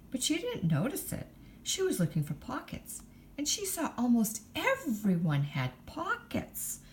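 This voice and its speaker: A woman reading a picture book aloud in an expressive storytime manner. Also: mid-range voice, a little hiss or hum.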